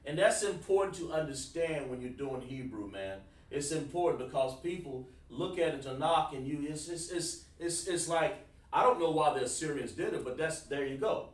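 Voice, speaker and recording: A man's voice: a little high, normal speed. Male teacher, informal, repeats himself; echoey room, mic at a distance. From South Carolina, USA. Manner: informal, repeats words, talks to students by name. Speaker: Hebrew class teacher. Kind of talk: online class lesson.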